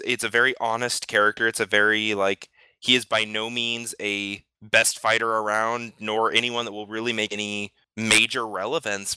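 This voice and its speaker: A man with a lower voice that sounds very bright and crisp talks casually on a podcast. He is enthusiastic and often stammers when he restarts a sentence. The recording is dry and close. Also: dry recording. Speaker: podcast panelist. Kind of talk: casual discussion.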